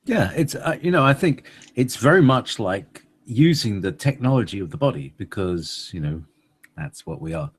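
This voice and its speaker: A man cohosting a relaxed conversation, talking in long, meandering stretches full of hesitations. His pitch moves a lot, and his voice carries a slight husk. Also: moderate pace, slightly rough. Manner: rambling, hesitant, laughs often. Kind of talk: casual chat.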